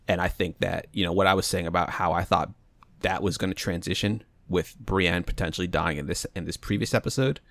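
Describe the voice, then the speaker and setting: A man's voice: sits low, fairly quick, gravelly, a bit bright, no room sound. A man casually talking over a TV show's plot as a podcast co-host, rambling and restarting as he mulls theories aloud. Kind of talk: casual TV recap chat.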